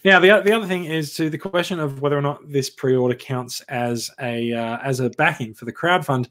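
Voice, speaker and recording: Male podcast co-host, mid pitch, chatty explainer, restarts sentences. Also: brisk, fairly bright tone. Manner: explains at length with restarts, says "look" often. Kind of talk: casual chat.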